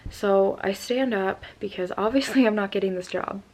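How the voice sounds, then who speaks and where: A woman's voice: medium pitch, normal speed, darkish tone. A young woman in her twenties telling a storytime vlog in a rambling, casual way, upset after crying. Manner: rambling with many "like" fillers. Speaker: vlogger.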